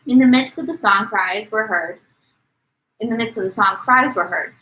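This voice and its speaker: A woman's voice: mid-range voice, moderate pace, bright, forceful tone, low-quality recording. A woman co-hosting a podcast, reading a novel aloud and acting out the quotes. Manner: reads with dramatic voices for quotes. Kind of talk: casual read-aloud podcast.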